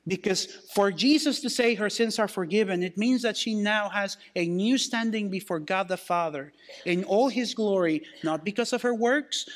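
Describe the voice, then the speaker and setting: A man with a high voice preaching a sermon as pastor. He quotes scripture and slows down to put weight on key phrases. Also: fairly bright tone.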